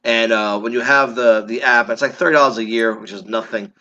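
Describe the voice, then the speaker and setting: A man's voice: mid-range voice, brisk, sharp tone, dull audio. A man with a New York accent co-hosting a podcast, ranting bluntly with plenty of swearing. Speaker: podcast co-host. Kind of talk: casual opinionated chat.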